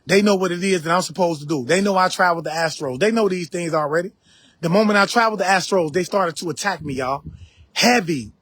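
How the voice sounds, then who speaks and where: A man's voice: high-pitched, fast, a bit bright. A man giving a casual spiritual lecture on a live stream, talking straight to his viewers, repeating his points and speaking. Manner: preachy, repeats phrases, addresses viewers directly.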